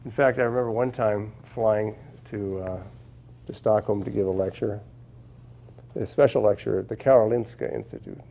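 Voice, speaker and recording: Gravelly-voiced man telling funny stories. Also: fairly low pitch, fairly even intonation, normal speed, dark tone. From Minnesota, USA. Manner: humorous storyteller, repeats words while finding them. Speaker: guest speaker, scientist. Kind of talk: anecdotal talk to a class. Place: lecture room with a live audience.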